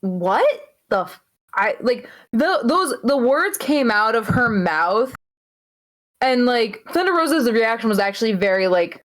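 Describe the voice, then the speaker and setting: A woman's voice: fairly high pitch, very animated, measured pace, a bit bright, rough recording. Woman recapping in a casual, profane way. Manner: loose and profane, full of "um" and "like" fillers. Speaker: podcast co-host. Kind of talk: casual wrestling recap chat.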